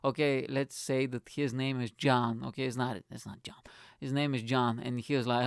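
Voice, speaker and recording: A young man, a comedian hosting his own podcast, telling a story in a rambling, swearing way and acting out his friends' lines in higher voices. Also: little pitch movement, moderate pace, clear, resonant tone, no room sound, clean studio sound. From not from the UK, moved there at 21. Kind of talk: casual storytelling monologue.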